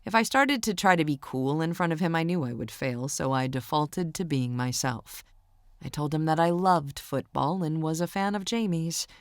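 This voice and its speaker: Low-voiced woman narrating an audiobook. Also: moderate pace, no room sound, clean studio sound. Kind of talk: first-person audiobook narration.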